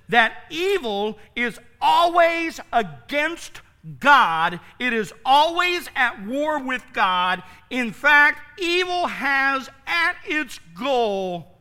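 A man's voice: very high-pitched, sharp tone. A man preaching a sermon as pastor, emphatic and repetitive, asking the congregation rhetorical questions.

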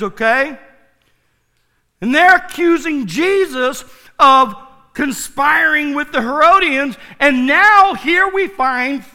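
A man preaching a sermon to his church, swinging from loud to hushed and turning playful in asides to the congregation. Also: very high voice, long reverb tail. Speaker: pastor. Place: church sanctuary.

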